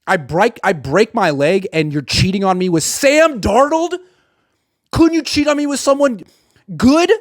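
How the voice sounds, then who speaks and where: A man's voice: very high-pitched, fairly bright tone, no echo, clean studio sound. A man giving a sarcastic sports commentary monologue and acting out imagined dialogue.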